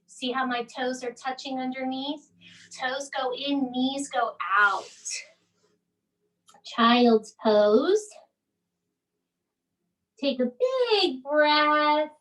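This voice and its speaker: Soft-spoken woman guiding kids' yoga. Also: sits high, fairly even intonation, far from the mic, rough recording. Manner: soft, coaxing, slow instructions. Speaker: children's yoga instructor. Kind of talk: gentle kids' yoga lesson and read-aloud.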